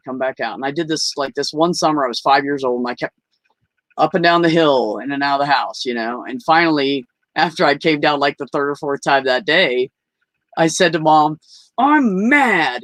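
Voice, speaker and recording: A man's voice: fairly high pitch, a little fast, fairly bright tone, dry recording. A man telling candid personal stories as a podcast guest over a video call, rambling and frank, with lots of "you know" and "like".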